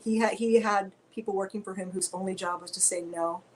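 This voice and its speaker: A woman's voice: mid-range voice, fairly even intonation, fast, poor audio. Woman chatting on a video call, goes off on tangents, bit of hiss behind. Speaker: guest.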